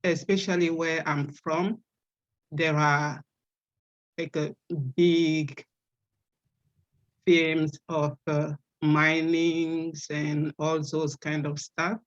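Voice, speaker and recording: A speaker with a strong French accent talks slowly on a video call, often pausing on fillers and restarting phrases. The sound is dull and lo-fi, as if the top end were cut off. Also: medium pitch, flat delivery. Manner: halting, with many fillers and restarts. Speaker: webinar participant. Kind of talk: casual spoken remarks.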